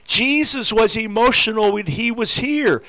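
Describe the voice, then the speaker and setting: A man's voice: sits high, unhurried, bright, forceful tone. An older man preaching a sermon to his congregation, repeating rhetorical questions. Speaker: pastor. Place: church.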